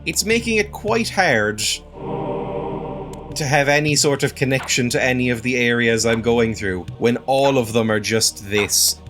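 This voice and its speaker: A man's voice: medium pitch, fairly bright tone. A man hosting a let's-play, chatting about the game in a wry, sarcastic way. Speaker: gameplay video host.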